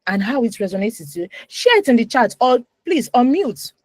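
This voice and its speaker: A woman in her thirties giving an animated, emphatic talk to a moms' group on a video call. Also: fairly high pitch, moderate pace, no echo, rough recording. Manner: animated, emphatic, with repetitions and acted asides. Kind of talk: live online talk.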